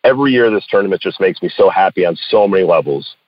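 A man's voice: low voice, expressive, quick pace, no room sound, dull audio. A man hosting a podcast, asking friendly questions with a joking touch. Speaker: podcast host. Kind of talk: casual interview chat.

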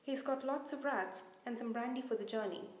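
A woman voicing a big soft-hearted male gamekeeper who fusses tearfully over a baby dragon, in a roomy-sounding recording. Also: a little high, a little fast, slight background noise, close to an everyday voice. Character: big gruff sentimental half-giant gamekeeper, male. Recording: roomy echo.

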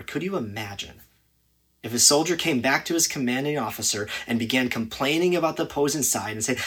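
A man preaching a sermon, earnest and emphatic, with sudden loud, high bursts when he acts out a scene. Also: lively intonation, fairly quick, husky.

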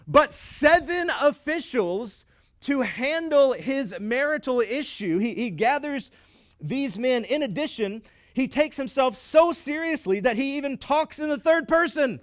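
A pastor delivers a sermon in a high, ringing voice. He piles up repetition for emphasis, pauses for effect and drops wry asides to the congregation. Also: expressive.

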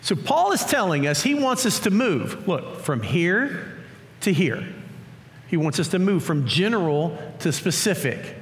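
A male pastor preaching a sermon in a lively, story-acting way, recorded in a church. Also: sits high, measured pace. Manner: animated, acts out scripture stories. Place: church auditorium. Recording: long church hall reverb.

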